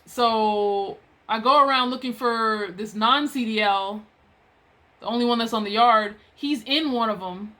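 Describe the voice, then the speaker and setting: A woman's voice: a little high, a little slow, pushed and bright. A woman telling a story about a clash at work in a casual, exasperated, chatty way.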